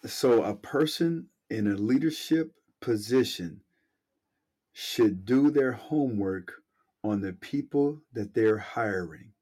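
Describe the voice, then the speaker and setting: Husky-voiced man hosting a podcast. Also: fairly low pitch, expressive, slow pace, mellow. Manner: drawing lessons about leadership from the guest's story. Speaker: podcast host. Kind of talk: conversational interview.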